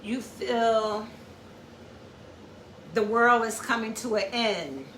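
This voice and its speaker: A woman's voice: on the high side, slow pace, fairly bright tone, slight background noise. A woman hosting an informal educational talk, explaining step by step, repeating her points and checking in with "okay?". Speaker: host. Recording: echoey room, far from the mic.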